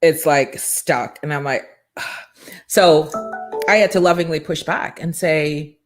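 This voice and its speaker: A woman hosting a motivational morning show, talking in an energetic, preachy and emphatic way from a studio. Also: on the low side, normal speed. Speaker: show host and business coach.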